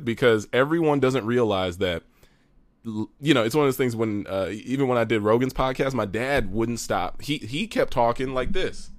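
A man's voice: mid-range voice, no echo. A man co-hosting a casual podcast, rambling with frequent restarts and laughter, talking into his own mic over a remote call. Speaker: podcast co-host. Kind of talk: casual chat.

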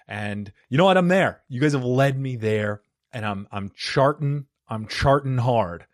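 A man's voice: mid-range voice, animated, a little slow, dry recording. A man hosting a comedy podcast, joking and self-deprecating as he talks casually into a studio mic. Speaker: podcast host. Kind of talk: casual podcast intro and chat. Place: home studio in Arizona. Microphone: studio microphone.

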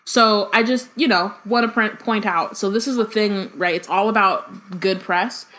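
A woman co-hosting a relaxed book podcast, reading passages aloud and then breaking off to riff on them. She is animated and sarcastic and laughs easily, and her voice sits in a middle range for a woman. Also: medium pitch, normal speed, poor audio. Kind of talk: casual book discussion with read-aloud passages.

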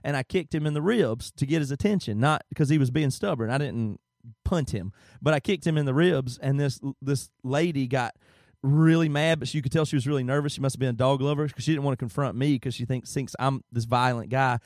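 A man's voice: mid-range voice, fairly quick, a little mellow, no echo. A man co-hosting a podcast, telling a story in casual chat with dry jokes. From American South. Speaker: podcast co-host.

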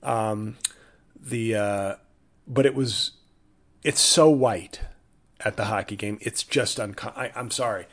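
A man's voice: fairly low pitch, slow pace, pauses often, a bit bright. A man hosting a casual solo podcast, rambling and self-deprecating with many restarts. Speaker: podcast host.

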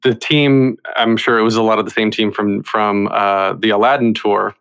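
A man hosting an interview podcast, talking casually with halting restarts and repeated words. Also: on the low side, steady tone, vocal fry, fairly bright tone. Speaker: podcast host.

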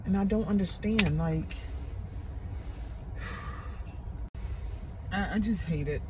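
A woman's voice: mid-range voice, drawn-out words, noisy background. A woman hosting a podcast talks through her frustration in a candid confession. Her voice sits in a middle range. She restarts her sentences often and sighs between thoughts. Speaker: podcast host.

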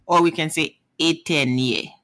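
A Haitian-accented teacher and native Haitian Creole speaker with a bright, crisp tone. They explain each word slowly and say it twice. They often check in with a quick "okay?" or "right?". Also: medium pitch, fairly even intonation. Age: adult parent. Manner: patient, repeats words, checks in with "okay?" and "right?". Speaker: language teacher. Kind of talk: casual video lesson.

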